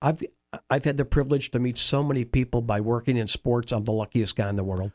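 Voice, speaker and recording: A man telling animated anecdotes in a conversation, acting out quoted dialogue. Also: mid-range voice, quick pace, no room sound, clean studio sound. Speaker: interview guest, former baseball team staffer. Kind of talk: storytelling conversation.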